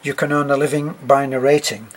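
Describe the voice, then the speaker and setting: A man's voice: mid-range voice, little pitch movement, brisk. An older man teaching storytelling, speaking reflectively with wry asides. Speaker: narration teacher. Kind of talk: talk on narrating for children.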